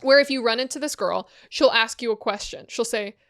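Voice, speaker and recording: A young woman with a slightly high voice tells spooky stories with blunt, jokey energy. She co-hosts a podcast in casual chat with a friend. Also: fairly quick. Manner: animated storyteller, blunt and jokey. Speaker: podcast co-host.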